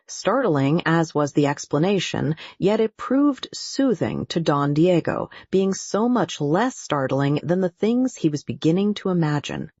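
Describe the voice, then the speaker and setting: An audiobook narrator reading a classic adventure novel in an even, formal storytelling manner. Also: medium pitch, measured pace, few pauses, dry recording. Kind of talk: scripted narration. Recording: dull lo-fi dry audio.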